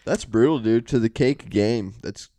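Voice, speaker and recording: A man's voice: medium pitch, a little slow, dark tone, no echo. A man co-hosting a podcast with his brothers, throwing in wisecracks. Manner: wisecracking, laughs a lot. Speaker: podcast co-host. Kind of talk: casual chat.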